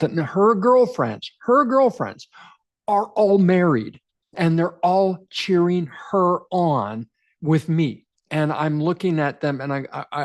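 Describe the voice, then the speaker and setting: He's a men's relationship coach from Canada in his forties, recounting a personal story to camera. His voice is fairly high and he takes his time, delivering it emphatically and animatedly, circling back to the same phrases.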